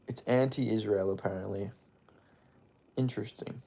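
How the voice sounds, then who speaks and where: A man chats offhand on a livestream, reading out comments and riffing on them. His voice sits at an ordinary middle pitch, and his loose, meandering talk is peppered with profanity. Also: moderate pace. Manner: rambling, frequent profanity, offhand. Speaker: streamer. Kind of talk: casual livestream chat, reading comments aloud.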